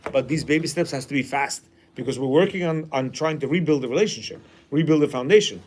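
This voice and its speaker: A man's voice: fairly high pitch, quick pace, background noise. A man teaching a class in a casual way, reading a passage aloud and then commenting, often acting out quoted lines.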